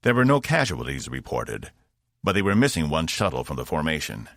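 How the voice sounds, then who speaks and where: A man narrating a science fiction audiobook in a measured, expressive storytelling manner. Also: a bass voice, creaky, no echo, clean studio sound.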